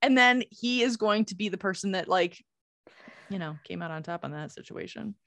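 A woman's voice: mid-range voice, lively intonation, moderate pace, fairly bright tone, no room sound. A woman co-hosting a podcast, talking casually with lots of "like" fillers and frequent laughter. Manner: chatty, many "like" fillers, laughs often. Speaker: podcast co-host.

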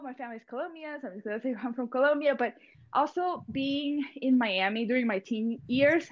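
A woman's voice: a little high, muffled recording. A young adult woman from Venezuela, an eye doctor and interview guest, talking casually and loosely with lots of fillers. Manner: chatty, many fillers like "like" and "you know". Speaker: guest, ophthalmologist.

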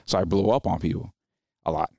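A man's voice: low-pitched, fairly quick, creaky, no room sound, studio quality. A man in his thirties, a military veteran guest, telling stories in a casual interview and acting out the people he quotes. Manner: animated, acts out quoted people in raised voices. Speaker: podcast guest, Marine veteran.

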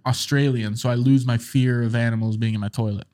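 A man's voice: mid-range voice, steady tone, brisk, darkish tone. Rambling joking man on a podcast. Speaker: podcast host. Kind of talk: casual chat.

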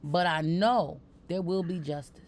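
A woman's voice: fairly low pitch, measured pace, a crowd in the background. A woman hosting a podcast in casual chat, playful and teasing, talking with lots of energy. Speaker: podcast host.

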